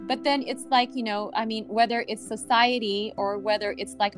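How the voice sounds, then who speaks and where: A woman coach hosts a casual podcast chat in a slightly high voice. She rambles, hunts for the right word and laughs easily. Music plays clearly underneath the whole conversation. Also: fairly even intonation, moderate pace, few pauses. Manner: rambling, searches for words with many fillers. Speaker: healing coach and podcast host.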